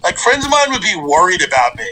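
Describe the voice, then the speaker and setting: A man's voice: high-pitched, fast, slight background noise, low-quality recording. A man hosting a casual chat, telling funny stories and acting out the people in them. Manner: animated comic storyteller, acts out quotes.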